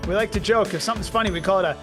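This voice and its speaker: A man's voice: high-pitched, very fast, music in the background. A man with a New England accent co-hosting a podcast, questioning with wry skepticism. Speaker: podcast co-host. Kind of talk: casual chat.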